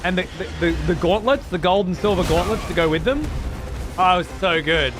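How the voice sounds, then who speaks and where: A man's voice: sits high, brisk, music in the background. A man streaming a game live, rambling, swearing a lot and chatting to his viewers. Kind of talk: live gameplay commentary.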